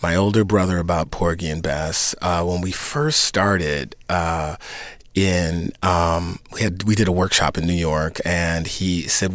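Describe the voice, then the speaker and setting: A man's voice: sits low, unhurried, dry recording. A man in his fifties, an actor and singer, answering interview questions in a reflective, conversational way with fillers and restarts. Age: 50s. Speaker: actor and singer in an opera production.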